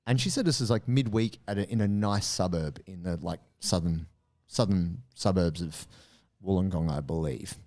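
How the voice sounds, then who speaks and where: With a low-pitched voice and moderate pace, a male podcast co-host tells a story during casual talk, animatedly impersonating the people he quotes.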